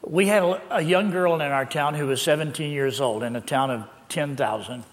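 Older male pastor with a slightly high voice who tells anecdotes with laughs, recorded with long church-hall reverb. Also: moderate pace. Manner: lively anecdotal telling, with laughs. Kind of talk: sermon storytelling.

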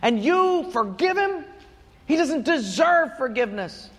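A man voicing a resentful young elder brother who demands answers in shrill, outraged questions. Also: big pitch swings, a little slow, a bit bright, in a large hall, heavily acted. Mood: indignant.

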